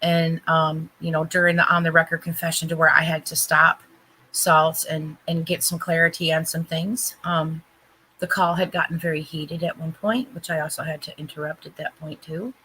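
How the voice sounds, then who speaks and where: A woman telling a story in casual chat, animated and emphatic, acting out the dialogue as she quotes it. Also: deep voice, normal speed, a little hiss or hum, low-quality recording.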